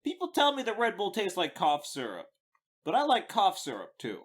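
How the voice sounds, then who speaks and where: A man co-hosting a comedy podcast, chatting in a wry, teasing way. His voice sits a little high and moves up and down a great deal as he talks. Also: moderate pace. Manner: wry, teasing, lively delivery. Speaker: podcast co-host. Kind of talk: casual comedic chat.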